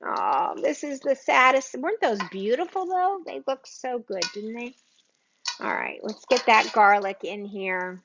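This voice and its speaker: A woman's voice: medium pitch, expressive, a little slow, vocal fry, muffled recording, background noise. A woman hosting a live cooking stream from her home kitchen, chatting with viewers by name in an exclamatory way. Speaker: cooking show host.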